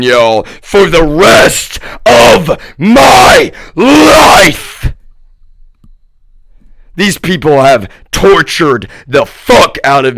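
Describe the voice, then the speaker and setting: A man's voice: on the low side, clean tone, dry recording, studio quality. Profane, emphatic male livestreamer ranting. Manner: keeps addressing listeners as "y'all".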